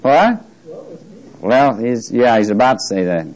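Male Bible teacher leading a chatty class; drawn-out scripture reading, playful asides. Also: fairly low pitch, darkish tone, rough recording. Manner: reads scripture slowly with emphasis, jokes with class. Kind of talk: interactive Bible lesson.

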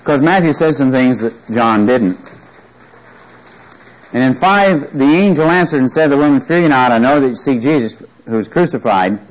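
In a rough recording, a man leads a Bible study, reading scripture aloud with emphasis and frequently asking questions to check that listeners follow. His mid-range voice is lively in intonation and moves at normal speed.

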